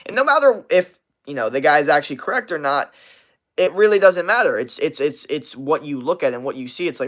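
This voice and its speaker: A young man with a slightly high voice, hosting a live stream. He rants in a loose, rambling way, swears often and leans on filler words. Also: animated, fairly quick, fairly bright tone. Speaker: livestream host and health coach. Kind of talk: casual livestream rant.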